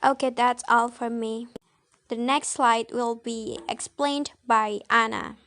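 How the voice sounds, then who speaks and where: Slow, careful young woman presenting. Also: fairly high pitch, fairly even intonation, a bit bright. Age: young adult. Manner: slow, careful, with hesitant restarts. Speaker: student presenter. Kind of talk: reading a class presentation.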